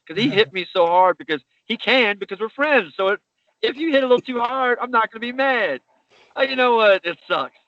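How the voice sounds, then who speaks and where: A man's voice: very high-pitched, lively intonation, brisk, no room sound, highs cut off. A man, a pro wrestler, being interviewed, telling stories casually and animatedly with laughs and casual swearing.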